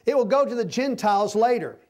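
A man preaches through a passage in a loose, conversational way, explaining as he goes. His voice sits high for a man. He keeps pausing to make sure his listeners are keeping up. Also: animated, a little mellow. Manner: folksy, repeatedly checks in with the listeners. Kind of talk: conversational verse-by-verse sermon.

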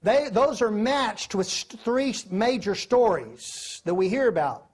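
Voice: mid-range voice, expressive, unhurried, slightly rough. A preacher, giving a sermon, telling stories and asking the listeners questions. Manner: storytelling, asks the listeners questions.

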